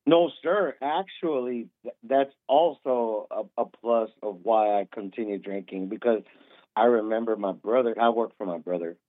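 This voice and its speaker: A man's voice: on the low side, moderate pace, no echo. A man in his thirties calling in, tipsy from drinking, rambling with lots of restarts and repeats. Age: 30s. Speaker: caller. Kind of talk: casual call-in talk. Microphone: phone. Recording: tinny phone line, dry.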